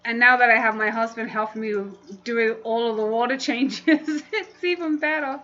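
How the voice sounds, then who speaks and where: A woman's voice: on the high side, fairly even intonation, normal speed, pushed and bright, highs cut off, slight background noise. A woman hosting a casual livestream, chatting and laughing often as she reads comments aloud. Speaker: livestream host.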